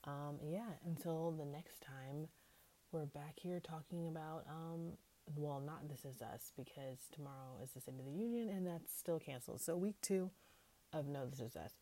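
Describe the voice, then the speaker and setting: A woman's voice: low-pitched, moderate pace, warm tone. A woman hosting a solo TV recap podcast, chatty and slangy, laughing often and sometimes dropping to a whisper. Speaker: podcast host.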